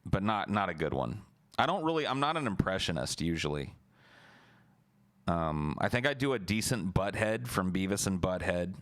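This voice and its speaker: Deep-voiced man rambling casually on stream. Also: sing-song, moderate pace, a bit bright, no room sound. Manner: loose, profane and rambling, with many restarts. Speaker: live streamer. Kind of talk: casual late-night stream chat.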